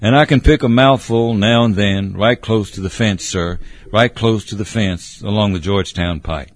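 A man's voice: on the low side, moderate pace, no room sound, lightly acted. A man voicing a gurgling old cab horse. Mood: wistful. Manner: polite, says sir often.

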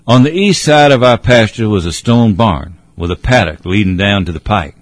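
Low-voiced man reading a storybook. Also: no room sound. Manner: measured, old-fashioned, addressing a listener. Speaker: narrator. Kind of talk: storybook narration.

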